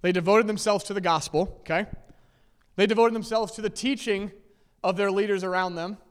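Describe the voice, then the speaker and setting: In a big-sounding church sanctuary with a long reverb, a male pastor delivers a conversational sermon. His high-pitched voice is smooth and brisk with fairly even intonation, and he keeps asking "okay?" and "right?" and laughing lightly between points.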